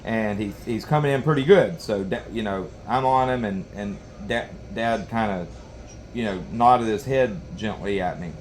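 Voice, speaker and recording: A man's voice: lowish voice, moderate pace, slight background noise. A man telling a long hunting story in a rambling, folksy way, full of restarts. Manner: rambling, folksy, lots of you-knows and restarts. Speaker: knife sharpening channel host. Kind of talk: casual storytelling while sharpening.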